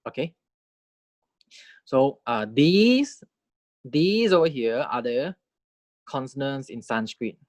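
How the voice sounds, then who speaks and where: A man's voice: medium pitch, expressive, a little mellow, no echo. A man teaching a language class as a lecture, patiently modeling sounds and checking in with "right?" as he goes. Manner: patient, repeats key points with "right?" checks; models sounds slowly and clearly.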